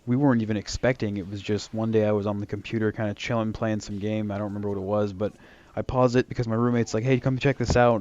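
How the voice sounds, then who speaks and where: A man's voice: lowish voice, a little mellow, dull audio. A young man casually telling a long story, full of fillers and restarts, acting out the quoted lines. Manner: rambling, lots of fillers and restarts; acts out quoted lines in a raised voice.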